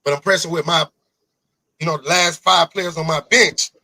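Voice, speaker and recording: A man hosting a podcast interview, talking in an animated, rambling way, swearing often and repeating himself. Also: on the high side, moderate pace, no room sound, rough recording. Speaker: podcast host. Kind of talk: casual interview chat.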